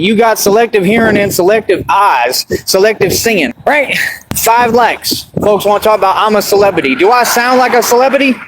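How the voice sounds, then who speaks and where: Man, boastful street rant, swaggering and confrontational, high voice, noisy recording.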